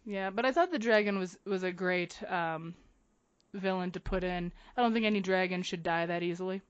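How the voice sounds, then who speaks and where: Excited, profane young woman podcaster. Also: lowish voice, clean tone, dry recording, muffled recording. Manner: excited, profane, fast bursts. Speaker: podcast co-host. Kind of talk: casual chat.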